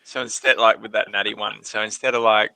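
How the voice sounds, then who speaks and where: A man playing a tabletop game, animated and laughing as he hustles in character. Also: fairly low pitch, a little fast, vocal fry, dry recording. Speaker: player.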